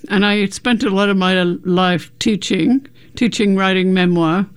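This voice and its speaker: An older woman from England with a croaky voice, chatting unhurriedly as a guest author in a radio interview. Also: medium pitch, steady tone, measured pace.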